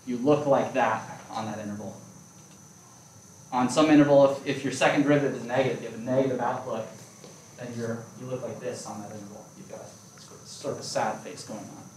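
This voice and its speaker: In a classroom lecture on calculus, a man speaks fairly quickly in a mid-range, steady voice that's a little mellow. This math lecturer keeps things playful and stops to ask questions. Recorded from afar in an echoey lecture room, the clip carries slight background noise.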